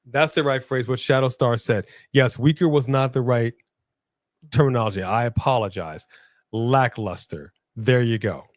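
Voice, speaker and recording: A relaxed man chats through a live watch-along, reading viewer messages and often circling back to the same phrase with a laugh. His voice sits at a middle pitch, heard close and dry with no room sound. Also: normal speed, no room sound. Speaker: co-host of a wrestling watch-along stream. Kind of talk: casual live-stream chat reading super chats.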